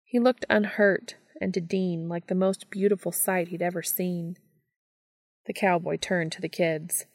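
A woman narrating a fan fiction story as an audiobook in a steady, even reading voice. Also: on the low side, a little slow, no echo, studio quality.

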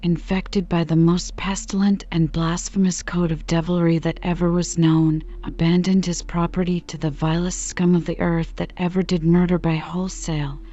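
A woman voicing a loud, scornful, overbearing male lawyer in a dull lo-fi recording. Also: fairly low pitch, flat delivery, normal speed, hardly any pauses, natural voice. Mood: bullying. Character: blustering bullying male lawyer.

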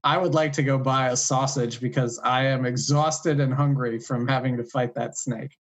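A player in a tabletop game who cracks quick jokes and puns in a casual way. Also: medium pitch, fairly even intonation.

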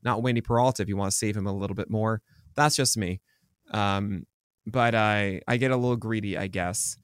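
A man's voice: fairly low pitch, steady tone, fairly quick, clean tone, no echo, clean studio sound. A man co-hosting a casual sports podcast, chatty and rambling with many fillers and restarts. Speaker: podcast co-host.

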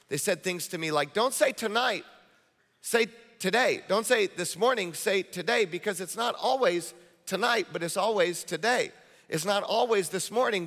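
A male pastor preaching a sermon in an energetic, conversational style, repeating phrases for emphasis. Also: high voice. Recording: long hall reverb.

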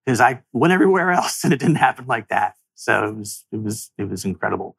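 A man's voice: fairly low pitch, very animated, fast, vocal fry, fairly bright tone, breathy edge, no room sound. A man in his thirties, an interview guest telling an emotional personal story in an earnest, reflective way, his voice rising as he speaks.

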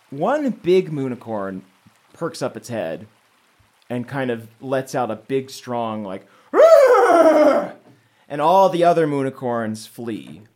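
A man narrating a tabletop game as game master, in a playful, relaxed way with frequent laughter. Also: medium pitch.

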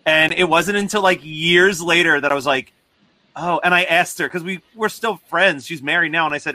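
A man's voice: fairly high pitch, normal speed, pushed and bright, no room sound. A man hosting a podcast, telling a story in a casual way and laughing as he talks. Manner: laughs through his stories. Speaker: podcast host.

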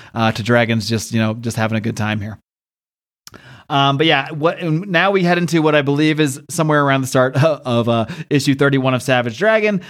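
A man hosting a casual podcast, talking excitedly with lots of fillers, restarts and laughs. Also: mid-range voice. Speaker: podcast host.

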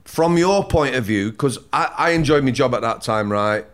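Measured, mid-pitched ex-prison officer. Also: male voice, expressive, a bit bright. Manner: measured, repeats himself while finding words. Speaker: former prison officer, guest. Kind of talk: conversational discussion.

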